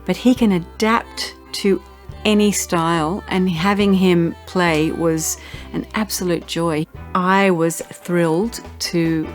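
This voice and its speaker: A singer-songwriter, a woman, looking back on making her album in an earnest, grateful way. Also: on the low side. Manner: earnest, grateful, heartfelt storytelling. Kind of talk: reflective promo narration. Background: faint music.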